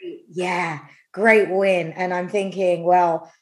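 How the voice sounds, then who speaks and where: A podcast host with a fairly low, flat, slow voice chats casually with a guest in an interview. Despite that delivery, she's bubbly and effusive, gushing with gratitude.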